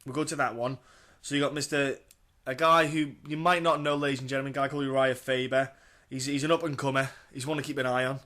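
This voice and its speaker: A man's voice: medium pitch, little pitch movement, quick pace, bright, forceful tone. A British man co-hosting a casual sports podcast, rambling and stumbling over fighter names. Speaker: podcast co-host.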